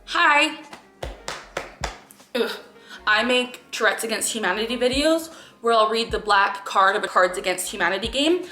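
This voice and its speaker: A young woman reacts to a clip in earnest, frustrated casual talk, often letting out sighing groans. Her voice is bright and tense. It rings in an echoey room with faint music behind. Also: on the high side, moderate pace, long pauses. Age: young adult.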